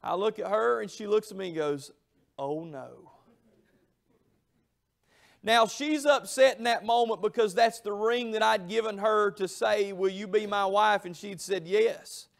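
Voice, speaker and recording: A middle-aged man preaches in a church. His voice sits very high and carries a gravelly rasp. He tells his stories emphatically, stretching out key phrases. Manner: storytelling, emphatic, drawn-out phrases. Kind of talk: Southern revival sermon. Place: church sanctuary.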